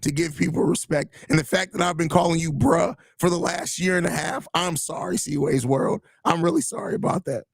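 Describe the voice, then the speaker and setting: A man's voice: a little high, fairly quick, creaky, few pauses, breathy edge, no echo, studio quality. A man hosting a sports podcast, venting in a frustrated, profane rant full of repeated phrases while reacting to listener comments. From Chicago area. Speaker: podcast host. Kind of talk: live podcast reacting to chat.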